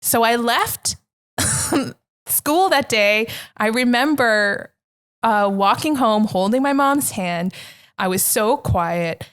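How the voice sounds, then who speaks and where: A woman's voice: a little high, expressive, slow, fairly bright tone, clear, resonant tone. Earnest woman recounting memories. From Canada. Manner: earnest, reflective, with frequent restarts and fillers. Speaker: podcast guest, psychotherapist. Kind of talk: candid conversational storytelling.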